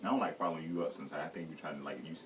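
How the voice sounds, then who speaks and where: A man's voice: extremely low pitch, racing, distant mic, noisy background. A man, guesting on a radio talk show and chatting playfully, teasing and laughing often. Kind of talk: joking casual chat. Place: radio studio.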